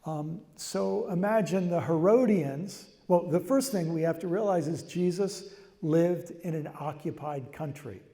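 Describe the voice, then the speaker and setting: A man's voice: fairly high pitch, unhurried, mellow. An older man giving a reflective, conversational public talk, often restarting his phrases. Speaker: speaker. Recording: long hall reverb.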